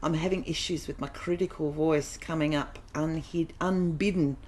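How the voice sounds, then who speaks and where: A woman co-hosting a live show, reading out a viewer's question and chiming in with quick laughs and short replies. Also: sits low, steady tone, darkish tone. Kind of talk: reading out a question, casual chat.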